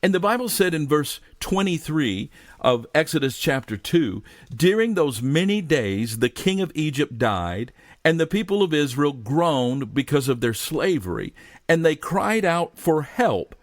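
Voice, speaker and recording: Earnest pastor preaching in a dry voice. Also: male voice, a little high, sing-song, no echo. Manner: earnest, slows down for scripture readings; addresses listener as friend, drops softly at phrase ends. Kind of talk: sermon.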